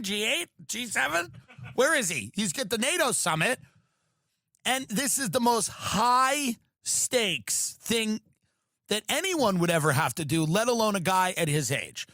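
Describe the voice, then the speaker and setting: Bright-voiced man on a comedic rant. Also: high voice, dry recording, clean studio sound. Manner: profane, animated riffing. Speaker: podcast host.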